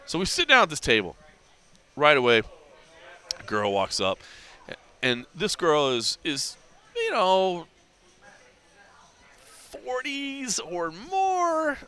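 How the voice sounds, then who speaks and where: Animated man telling a story on a podcast. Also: fairly high pitch, a little slow, long pauses, clear, resonant tone. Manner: animated storyteller acting out quoted dialogue, heavy use of "like". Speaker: podcast host. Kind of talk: casual storytelling chat.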